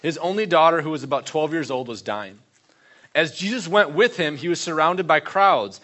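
A man's voice: fairly high pitch, moderate pace, fairly bright tone. A man preaching a conversational sermon, stressing points with repeated questions and short reading passages. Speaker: pastor.

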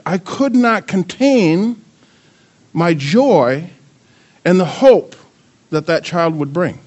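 An older man preaching a sermon, firing rhetorical questions at the congregation and joking with his grandchildren. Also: sits high. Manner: animated, asks the audience many questions. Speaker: pastor.

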